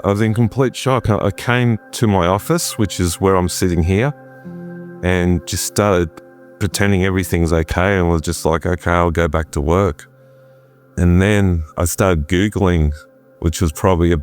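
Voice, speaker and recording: A middle-aged preacher telling his story at home, animated and acting out what others said. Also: deep voice. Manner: animated, acts out quotes, chats with his wife. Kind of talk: conversational storytelling interview.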